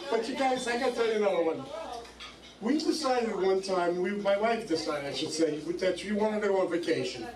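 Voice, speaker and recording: A man's voice: sits high, expressive, brisk, recorded from a distance. A man hosting a bar open mic, chatting with the crowd and telling crude stories about his wife. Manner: chatty, storytelling, crude jokes. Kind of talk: club emcee banter. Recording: roomy bar from afar, crowd noise.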